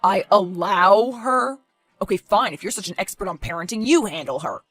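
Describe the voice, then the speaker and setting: A woman putting on a careless father's voice, pitched lower than her own and relaxed to the point of dismissive. He brushes off each worry with easy reassurances. Faint music plays under this animated story. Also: normal speed. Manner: breezy, dismissive, brushing off worries. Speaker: boyfriend and father.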